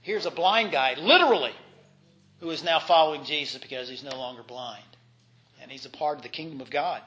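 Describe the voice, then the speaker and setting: A man's voice: fairly high pitch, brisk, bright, forceful tone. A man giving an informal Bible lesson in a conversational way, with fillers, restarts and voiced asides. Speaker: Bible teacher.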